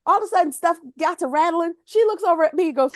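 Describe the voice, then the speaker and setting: A woman's voice: very high-pitched, fast, dry recording, clean studio sound. A woman from Pennsylvania co-hosting a podcast, telling stories animatedly in casual chat and laughing often. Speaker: podcast co-host.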